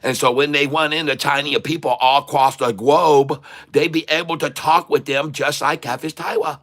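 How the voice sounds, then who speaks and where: A man's voice: on the high side, steady tone, normal speed, a bit bright. A man voicing a boastful male stock-picker persona who talks in clipped, broken English on a comic livestream.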